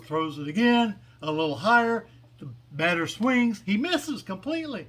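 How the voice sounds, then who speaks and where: A man's voice: sits high, big pitch swings, normal speed, a bit bright. Meandering man telling a long joke. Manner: meandering, hesitant, many fillers. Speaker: joke teller. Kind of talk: casual spoken storytelling.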